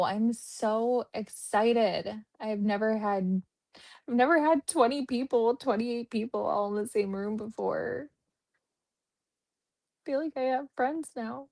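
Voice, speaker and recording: A woman hosts a true crime livestream in a loose, chatty way, cracking sarcastic jokes as she goes. Her voice sits a little on the high side. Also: vocal fry, a little mellow. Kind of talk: casual livestream commentary.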